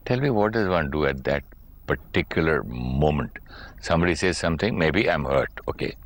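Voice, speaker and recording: A man's voice: rumbling low, animated, normal speed. A man hosting a talk show, asking probing questions with hesitant restarts. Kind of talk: questioning interview chat.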